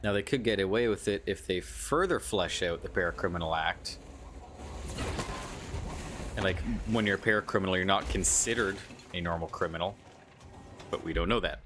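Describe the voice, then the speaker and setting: A man's voice: low voice, normal speed, pauses often, fairly bright tone. A man streaming a video game, giving casual, musing commentary and swearing freely. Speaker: gaming streamer.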